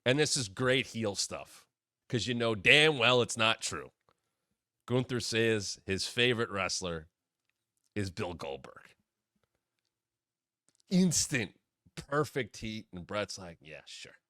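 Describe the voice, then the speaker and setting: Animated man giving blunt wrestling commentary. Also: lowish voice, slow, pauses often, dry recording, clean studio sound. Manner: animated, blunt, casual swearing. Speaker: wrestling podcast host. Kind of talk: opinionated commentary.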